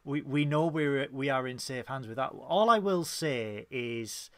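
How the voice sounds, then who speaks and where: A man co-hosting a casual fan podcast, talking with lively, mock-dramatic emphasis. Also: medium pitch, a little slow, no room sound. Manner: animated, mock-dramatic when ranting. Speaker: podcast co-host. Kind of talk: casual chat.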